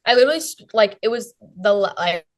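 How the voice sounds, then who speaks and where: A woman's voice: mid-range voice, expressive, fast talker. Young woman gushing, full of "like". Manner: breathless, fills every phrase with "like" and "literally". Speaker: guest. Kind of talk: excited storytelling.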